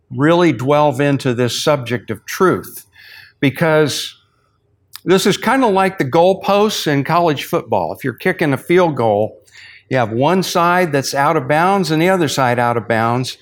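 A man giving an evening Bible teaching in a sermon style, folksy and chatty, slowing down on key phrases. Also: mid-range voice. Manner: folksy, uses sports stories to illustrate points.

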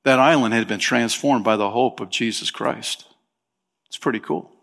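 A man's voice: medium pitch, normal speed, vocal fry, fairly bright tone. A conversational male pastor preaching. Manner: conversational preaching with fillers and emphatic rises. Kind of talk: sermon.

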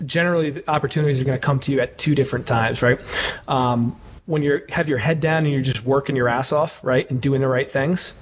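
A man's voice: medium pitch, a little fast. A man telling a candid story as an interview guest, casual and profane, with many fillers. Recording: muffled with clear background noise.

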